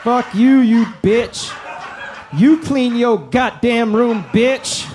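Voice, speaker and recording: A man's voice: very high-pitched, takes it slowly, darkish tone, a little hiss or hum. A man on a comedy stage voicing a cocky, foul-mouthed boyhood friend who taunts and swears with swagger. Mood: taunting. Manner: profane, swaggering, insulting.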